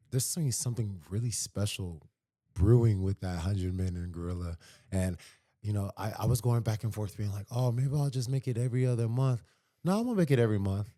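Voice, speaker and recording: A man's voice: lowish voice, dark tone. A man as a podcast guest, talking sincerely and repeating phrases for emphasis. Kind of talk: casual podcast conversation.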